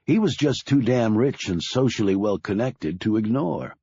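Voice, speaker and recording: A man giving measured, deliberate scripted audiobook narration. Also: fairly low pitch, lively intonation, mellow, breathy edge, no echo, dull audio.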